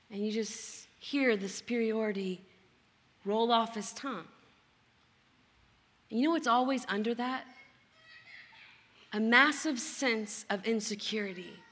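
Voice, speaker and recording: High bright woman preaching in a hall. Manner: earnest, acts out the older brother's complaints. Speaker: guest pastor. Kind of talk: sermon. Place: large church auditorium. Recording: long reverb of a large hall.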